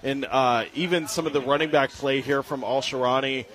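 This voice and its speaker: A man's voice: medium pitch, fairly even intonation, moderate pace, fairly bright tone. A young man giving upbeat post-game sports commentary, joking and correcting his own slips as he goes. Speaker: play-by-play commentator.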